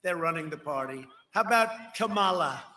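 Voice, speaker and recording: A man giving a rally speech in a rambling, repetitive way, jumping from shouted lines to low muttering. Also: lively intonation, normal speed, background noise. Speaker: political speaker at a rally.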